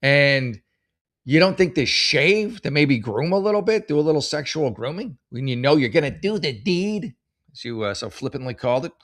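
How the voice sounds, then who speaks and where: A man's voice: fairly high pitch, sing-song, moderate pace, a bit bright. A man in his forties hosting a comedy advice show, reading posts aloud and reacting with sarcastic, rambling, exasperated commentary. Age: 40s.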